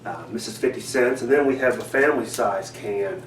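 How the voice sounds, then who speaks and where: A man hosting a fishing how-to vlog from his home, rambling and halting with many ums and restarts. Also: medium pitch. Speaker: fishing channel host. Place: home indoors. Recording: echoey room, mic at a distance, faint hiss.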